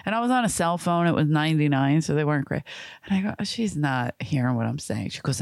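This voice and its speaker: Animated woman telling stories, laughing. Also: deep voice, quick pace, no echo. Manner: animated storyteller, laughs often. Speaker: guest. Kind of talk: casual chat.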